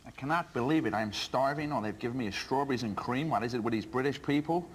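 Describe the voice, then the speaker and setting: A man impersonating a petulant male tennis star who whines in shrill outrage over his lunch. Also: fast, a little hiss or hum, lightly acted, poor audio. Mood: indignant.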